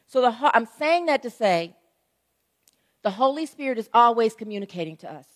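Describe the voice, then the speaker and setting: High-voiced woman pastor preaching conversationally. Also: animated, moderate pace. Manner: conversational storytelling preaching, frequent "right?" asides. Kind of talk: sermon.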